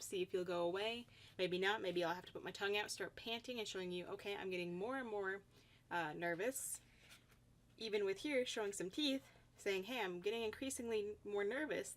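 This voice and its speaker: A woman dog trainer giving a calm instructional voice-over, now and then speaking a dog's thoughts in quotes. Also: mid-range voice. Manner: explains calmly, voicing the dog's thoughts in quotes.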